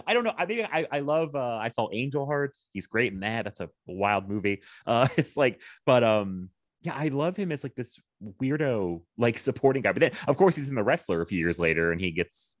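A man's voice: mid-range voice, sing-song, normal speed, no room sound, clean studio sound. A man co-hosting a film podcast, rambling casually with many fillers and frequent laughs. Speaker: podcast co-host.

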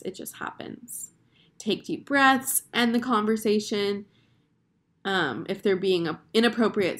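A young woman in her twenties chats through advice in a relaxed, earnest way. Her talk is loose and full of fillers, and her pitch sits at an ordinary middle level for a woman. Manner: chatty, filler-heavy, earnest. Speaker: advice podcast host. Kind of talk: casual advice chat.

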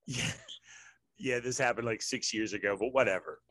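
A man hosts a relaxed conversation, rambling and wry, slipping into sarcastic asides. His voice sits at an ordinary middle pitch, recorded dry and close with no room sound. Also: normal speed, dry recording. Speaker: podcast host. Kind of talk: casual chat.

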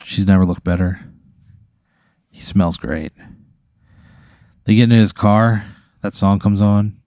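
A man talks through an improvised hypothetical, laying out each step of a silly story with a deadpan touch. His voice is warm and mellow. The sound is dry and close. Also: fairly low pitch, a little slow, dry recording. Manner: spins a playful hypothetical, deadpan asides.

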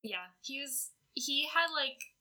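Casual podcast host, woman with a high, very bright voice and a chatty, filler-heavy delivery. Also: animated, slow pace. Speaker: podcast host presenting fan awards. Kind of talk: casual chat.

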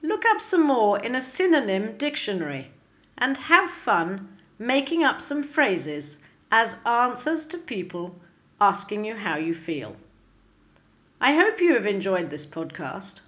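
A woman hosting an English lesson podcast, speaking slowly and clearly from a script, with exaggerated intonation in her examples. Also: medium pitch, very animated, a bit bright. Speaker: English teacher, podcast host.

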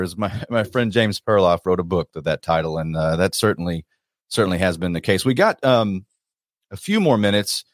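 A man's voice: sing-song, brisk, dry recording, clean studio sound. A man hosting a casual interview, emphatic, acting out quotes in a raised voice. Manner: emphatic, acting out other people's words in a higher voice. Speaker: interview host.

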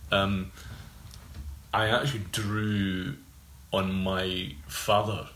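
Male writer guest, low-ish voice, rambling anecdotal delivery, roomy recording with faint hiss. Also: steady tone, fairly bright tone. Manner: storytelling, halting restarts. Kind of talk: casual chat. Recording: roomy with faint ambient noise.

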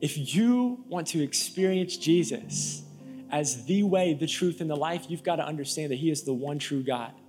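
A male pastor from Florida preaching an energetic, emphatic sermon to a live church audience, with storytelling asides. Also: fairly high pitch, normal speed, faint music behind. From Florida, USA.

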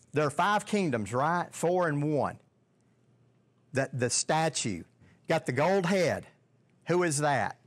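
Slow, halting man teaching the Bible. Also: a little high. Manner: halting, repeats words, asks the audience questions.

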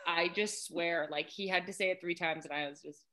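Woman, American accent, young adult, relaxed, rambling, slightly low voice. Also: fairly quick. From United States. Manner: relaxed, rambling, hesitant fillers. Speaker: guest, athlete. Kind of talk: casual interview.

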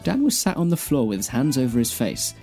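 Male podcast co-host, mid-pitched, dry deadpan reader, faint music bed. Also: fairly quick, vocal fry. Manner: deadpan reading, breaking into laughter. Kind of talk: reading a fan fiction aloud.

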